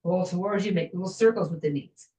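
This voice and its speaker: A woman fitness instructor guiding a floor stretching class in a gentle, chatty way, with small jokes about herself. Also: lowish voice, fast, distant mic. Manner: gentle, chatty, self-joking with little laughs. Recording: echoey room, voice from afar.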